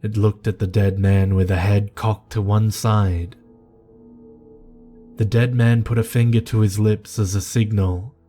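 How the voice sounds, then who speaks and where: A man giving slow, measured, grave scripted horror narration. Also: fairly low pitch, level tone, dark tone. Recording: narration over faint music.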